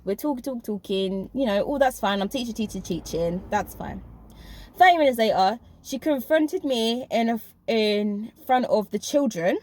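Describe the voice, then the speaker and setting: A woman's voice: a little high, animated, normal speed, a little mellow, slight background noise. A woman, telling a personal story in a casual vlog. She talks emphatically and speaks straight to her viewers. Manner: emphatic, addresses viewers directly. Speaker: vlogger recounting a school job.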